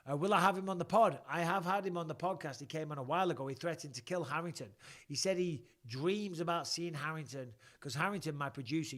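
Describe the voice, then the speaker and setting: A man hosts a live Q and A, reading viewers' messages aloud and answering them candidly and casually. His voice sits a touch higher than most men's. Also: a bit bright. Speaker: podcast host. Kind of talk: live-stream Q and A.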